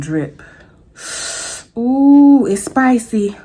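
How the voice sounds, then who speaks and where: A woman's voice: mid-range voice, animated, a little slow, long pauses, breathy edge. A woman hosting a mukbang food vlog, chatting casually to her viewers as she eats. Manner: chatty, addresses viewers as y'all, eats between words. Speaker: food vlogger.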